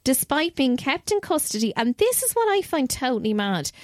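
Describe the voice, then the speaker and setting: A young Irish woman telling a story in a chatty, animated way, swearing freely as host of a podcast. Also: high voice, moderate pace, dry recording, clean studio sound. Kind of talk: casual storytelling.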